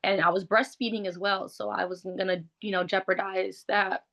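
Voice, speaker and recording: A woman's voice: mid-range voice, little pitch movement, normal speed, creaky, a bit bright. A woman speaking as an interview guest, telling a personal story in a frank, conversational way with lots of "like". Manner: frank, conversational, heavy use of "like".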